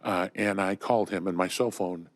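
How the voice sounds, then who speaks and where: A man's voice: deep voice, fairly even intonation, normal speed, dry recording. An older man from Southern California, a guest in a studio conversation, telling enthusiastic stories full of fillers and restarts. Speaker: interview guest. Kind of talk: storytelling in conversation.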